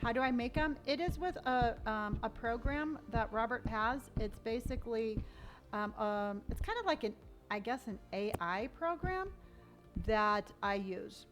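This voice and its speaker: A woman's voice: a little high, expressive, measured pace, over music. A woman from Southern California streaming a game live, chatting upbeat and reading out viewers' comments.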